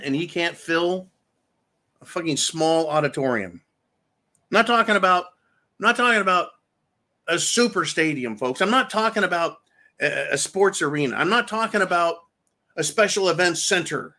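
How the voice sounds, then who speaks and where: Heated guy ranting, swears a lot, bright sharp voice, kinda high. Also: lively intonation, normal speed. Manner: profane, sarcastic and heated, repeating himself for emphasis. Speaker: political commentary host. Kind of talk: angry political rant.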